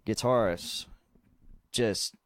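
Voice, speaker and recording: Podcast co-host, young man, low voice, loose rambling storyteller, swears freely, dry close sound. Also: extremely slow, fairly bright tone, no echo. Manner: rambling, swears freely, restarts often, laughs at own story. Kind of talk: casual storytelling chat.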